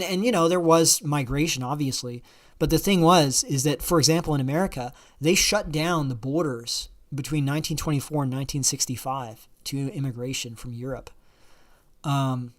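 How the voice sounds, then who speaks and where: A man hosting a livestream, talking casually at length and answering viewer questions, with lots of fillers and restarts. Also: on the high side. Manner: rambling, many fillers and restarts. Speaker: livestream host.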